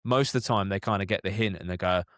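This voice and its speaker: A man's voice: low-pitched, fast talker, no echo, clean studio sound. A man, a cab driver co-hosting a casual chat, talking reflectively with many casual fillers. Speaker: London cab driver, co-host.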